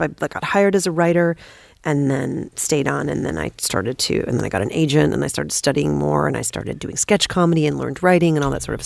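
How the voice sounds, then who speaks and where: A woman spills stories at a rush, swearing casually as she goes. Her voice carries a steady gravelly fry, and the sound is close and dry with no room around it. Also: low voice, no echo. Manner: rapid, animated, swears freely. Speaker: guest, comedic actress. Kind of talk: casual podcast storytelling.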